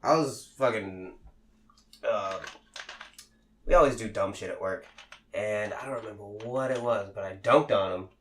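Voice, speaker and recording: Animated young man telling work stories. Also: fairly low pitch, a little slow, pauses often. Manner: animated storyteller, acts out quotes, profane. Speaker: podcast co-host. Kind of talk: casual chat, storytelling. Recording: echoey room.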